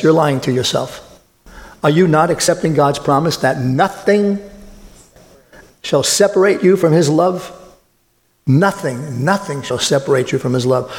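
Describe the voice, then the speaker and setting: A man's voice: a little high, darkish tone, long reverb tail. A man preaching a sermon as pastor, emphatic, repeating words and asking the listeners questions.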